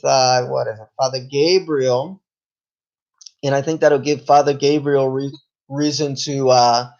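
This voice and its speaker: Laid-back rambling man, fairly high voice. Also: a little mellow, dull audio. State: has hiccups. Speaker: TV show reviewer. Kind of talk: casual video review.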